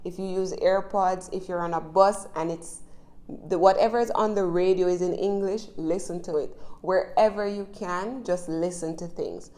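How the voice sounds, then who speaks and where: A woman's voice: lowish voice, fairly even intonation, normal speed, mellow. A woman with a Jamaican accent teaching English in a chatty, encouraging way, often checking in with the listener. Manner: chatty, encouraging, frequent tag questions. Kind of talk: casual spoken lesson.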